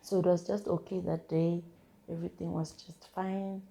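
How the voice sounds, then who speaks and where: A young South African woman telling a personal testimony as an interview guest, in a halting, hesitant way full of restarts and repeated words. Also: lowish voice, level tone, gravelly, warm tone. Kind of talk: emotional first-person storytelling.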